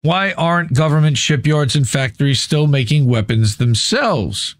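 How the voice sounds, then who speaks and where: A male podcast host with a somewhat high voice, recorded close and dry with no room sound. He reads passages aloud and then talks back to them bluntly, with casual swearing and a confident, opinionated edge. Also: animated, normal speed, dry recording. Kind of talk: reading an article aloud with running commentary.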